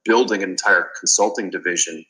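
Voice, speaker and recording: A man's voice: low voice, steady tone, a little fast, sharp tone, rough recording. A man being interviewed on a business podcast, telling stories from his work in an earnest, conversational way. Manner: earnest storytelling with fillers and restarts. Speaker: guest, business consultant. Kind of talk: casual interview.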